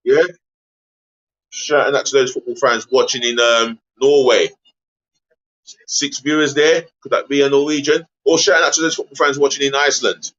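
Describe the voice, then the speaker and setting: A man hosting a live football watch-along stream, chatty and easily exasperated, giving viewers shout-outs. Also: medium pitch, flat delivery, normal speed, dull audio.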